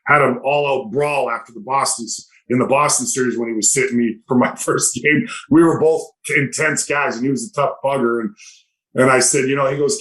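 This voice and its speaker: A man's voice: mid-range voice, brisk, poor audio. A man in his fifties, a podcast guest telling long anecdotes in casual chat and acting out what people said. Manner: animated anecdotes, acts out quoted voices. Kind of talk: casual storytelling.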